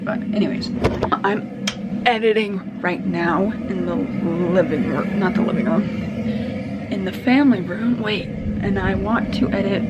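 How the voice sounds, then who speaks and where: A woman's voice: medium pitch, muffled recording. A young woman chatting casually while doing her hair for a get-ready-with-me vlog. She rambles, loses her train of thought and jumps between topics. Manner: rambling, scattered, easily sidetracked. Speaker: vlogger. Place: family room at home, indoors. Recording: audible background noise.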